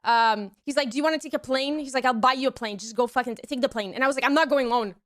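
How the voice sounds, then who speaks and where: A young woman streamer telling a story to her chat in a casual, animated way, swearing often and restarting her sentences. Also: sits high, very fast. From Canada.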